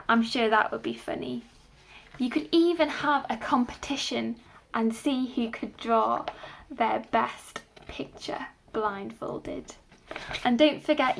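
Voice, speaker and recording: A woman presenting a children's craft activity, explaining each step gently to young children and their carers. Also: a little high, creaky, a little hiss or hum.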